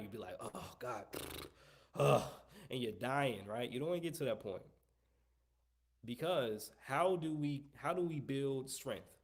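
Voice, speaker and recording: A man teaching a live trumpet lesson, talking at length and often repeating and restarting his phrases as he coaches. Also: medium pitch. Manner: long-winded, repeats himself, coaching tone. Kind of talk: live online music lesson.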